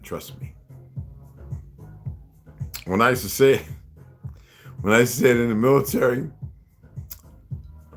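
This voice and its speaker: An older man from the United States hosting a livestream, rambling and halting, often repeating words as he fiddles with his device. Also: fairly low pitch. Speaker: livestream host. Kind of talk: casual livestream talk.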